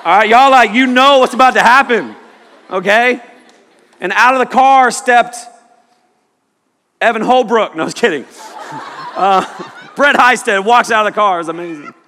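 A man preaching a sermon, telling a personal story in an animated way and sometimes shouting quoted lines. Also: sits high, a little slow, long pauses. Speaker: pastor. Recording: long hall reverb.

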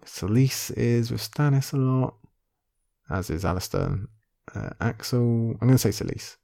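A man's voice: mid-range voice, a little slow, gravelly, dark tone. A man thinking aloud as he plays an online quiz, muttering his guesses half to himself before he settles on an answer. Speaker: video creator playing an online quiz. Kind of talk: casual thinking-aloud commentary.

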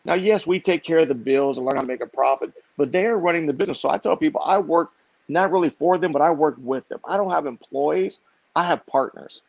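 A man with a gravelly, creaky voice, speaking as an interview guest who tells his stories with lively energy and repeats phrases for emphasis. The sound is dry and a little muffled, like a lo-fi recording. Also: a little high, fairly quick, no echo. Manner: animated, repeats himself for emphasis. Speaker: guest, business owner. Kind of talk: conversational storytelling. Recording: dry, slightly dull lo-fi sound.

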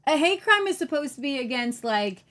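A woman's voice: high-pitched, very animated, moderate pace, a bit bright. A woman co-hosting a news talk show, giving blunt and sarcastic commentary. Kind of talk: casual political commentary.

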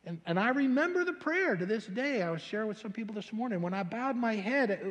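An older man, a pastor, telling his story in a sermon in an animated, colloquial way with stammering restarts. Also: sits high. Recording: long hall reverb.

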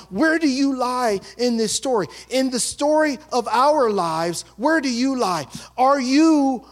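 High-voiced pastor preaching, animated storyteller. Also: male voice. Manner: animated storytelling, acting out townspeople's chatter; drops to a hush for emphasis. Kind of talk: sermon.

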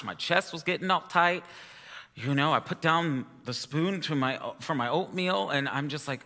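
Male preacher, chatty sermon storyteller; bright tone, long hall reverb. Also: a little high, normal speed. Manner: chatty, self-amused storytelling with laughs.

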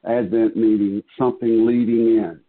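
A man on a discussion panel sharing his thoughts slowly and thoughtfully, with hesitant restarts. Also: on the low side, flat delivery, husky. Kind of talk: reflective casual discussion. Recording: tinny phone-like line.

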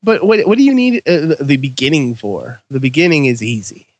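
A man's voice: mid-range voice, brisk, no room sound. A man hosting a podcast in a jokey, casual chat. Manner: animated, jokey. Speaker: podcast host.

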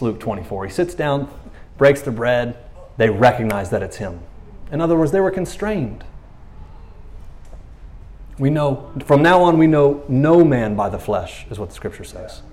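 A man's voice: mid-range voice, lively intonation, normal speed, long pauses, darkish tone. A man preaching a casual, conversational sermon, telling stories animatedly and acting out quoted lines in playful voices. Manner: conversational fillers like "you know what I mean". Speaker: pastor.

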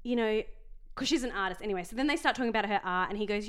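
A young woman chats casually as a podcast co-host. Her voice is smooth and clear at a middling pitch for a woman. She rambles through her stories, often breaking off mid-sentence and starting again. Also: fast. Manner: rambling, self-interrupting storyteller. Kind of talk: casual chat.

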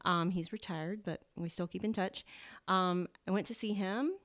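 A woman's voice: on the low side, steady tone, normal speed, fairly bright tone. A middle-aged woman with a Southern US accent, a naturopathic doctor chatting as a guest in a home interview, telling her story with frequent laughs. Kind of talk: casual interview chat. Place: home, indoors.

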